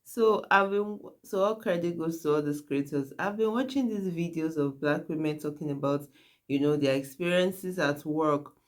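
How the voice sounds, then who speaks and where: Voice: medium pitch, moderate pace. A YouTube host talking earnestly to viewers in casual commentary, often checking in with "right?" and "guys".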